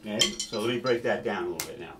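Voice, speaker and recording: A man's voice: lowish voice, rapid-fire, very noisy. A man teaching a snare drum solo, counting beats aloud and stopping now and then to correct himself.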